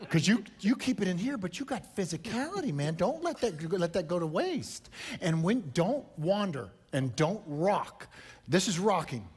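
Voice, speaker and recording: A husky man with a high, lively voice gives punchy feedback to a speaker at a live event. He talks emphatically and keeps checking that he is understood. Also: moderate pace. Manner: emphatic, punchy, repeats "right?" and "you understand?". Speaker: speaking coach judging a contestant.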